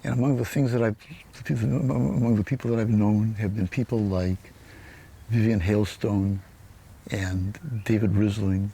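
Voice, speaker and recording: A low, gravelly voice from an older man who tells his stories slowly and reflectively. His speech is weak and unsteady from Parkinson's, stuttering and repeating words, and the tone is dark and mellow. Faint hiss sits under the recording. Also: steady tone. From United States. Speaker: author and publisher. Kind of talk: personal storytelling to camera.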